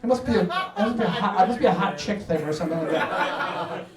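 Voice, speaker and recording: A man from New York doing a stand-up comedy set in an apartment, talking in a profane, animated way and acting out his family's voices. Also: high-pitched, a little fast, over a noisy crowd. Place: apartment living room. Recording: roomy sound from a distant mic.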